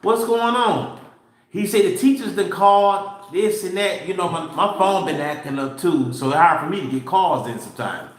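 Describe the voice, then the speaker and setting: A middle-aged man with a notably high voice tells a long, rambling story in a casual live chat. He acts out his own dialogue as he goes. His voice rings through a very echoey room. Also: normal speed, few pauses. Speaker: show co-host.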